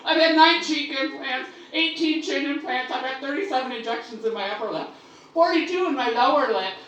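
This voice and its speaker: A brash stand-up comic with a high voice delivers a bawdy set at a brisk clip, her exaggerated delivery loud and big. She's on a comedy club stage, and the muffled, echoey recording is miked from a distance amid loud room noise.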